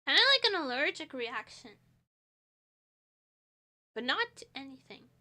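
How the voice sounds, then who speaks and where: A young woman streaming with a high voice and a nasal, sniffly sound from a stuffy nose. She talks in a loose, rambling way and pokes fun at herself. Her tone is bright and clear. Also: big pitch swings, measured pace. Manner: rambling, self-deprecating, laughs often. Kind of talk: casual chat.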